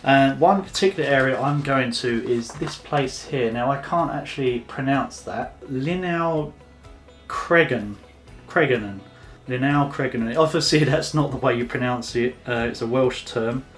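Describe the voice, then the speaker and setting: A man's voice: medium pitch, normal speed, few pauses, faint music behind. A man giving a casual photography tutorial to camera, chatty and loose, with plenty of fillers and restarts. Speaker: photography vlogger.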